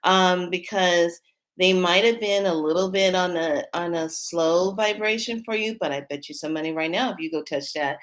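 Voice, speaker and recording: A woman with a slightly low-pitched voice hosts a casual spiritual vlog, talking straight to her viewers. She rambles and often restarts her sentences, growing excited and hurried as her story builds.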